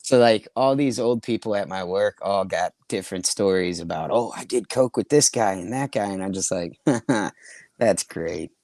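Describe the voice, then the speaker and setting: A man's voice: fairly low pitch, normal speed, darkish tone, no room sound. Profane rambling man telling stories. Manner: profane, laughing, rambling anecdotes. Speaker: comedy podcast host. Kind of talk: casual storytelling chat.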